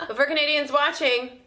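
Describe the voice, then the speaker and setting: A woman's voice: high voice, sharp tone. A woman hosting a comedic vlog, telling history with playful, sarcastic asides. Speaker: video host.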